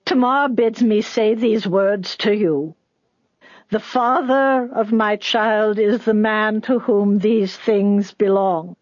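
A narrator voicing a desperate old village woman who pleads in a shrill, screeching voice. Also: steady tone, no room sound, muffled recording, lightly acted. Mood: desperate pleading. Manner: pleading, slow and drawn out.

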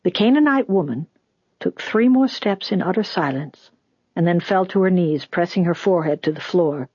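Husky audiobook storyteller, dry sound. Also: mid-range voice, animated, moderate pace, a little mellow, dry recording, lo-fi sound. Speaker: audiobook narrator. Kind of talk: scripted story narration.

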